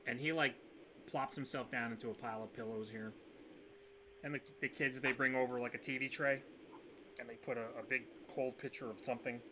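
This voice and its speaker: A man's voice: mid-range voice, fairly even intonation, a little fast, noisy background. A man acting as game master, narrating a tabletop game in a chatty, loose way.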